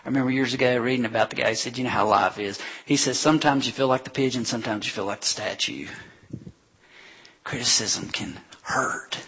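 A man preaching a sermon as a pastor, retelling scripture stories with animated delivery and acted-out voices of crowds. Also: mid-range voice, a little fast, breathy edge. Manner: animated storytelling preacher, acting out crowds with shouts.

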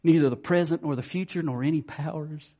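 A man preaching a sermon as a pastor, fervent and excitable, swinging between loud peaks and hushed lows, calling his listeners "guys" and "man". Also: a little fast, lo-fi sound.

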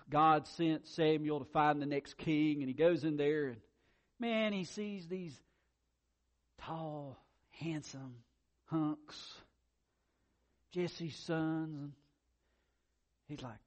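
Male pastor, slightly higher voice, animated sermon delivery, stammering repeats. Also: extremely slow, long pauses. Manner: animated, swings between loud emphasis and quiet asides; repeats words when excited.

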